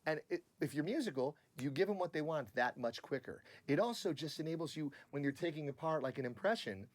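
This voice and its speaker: Lively man explaining his craft. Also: on the high side, fairly quick. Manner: explanatory, sings out example notes. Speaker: voice actor. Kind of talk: documentary interview.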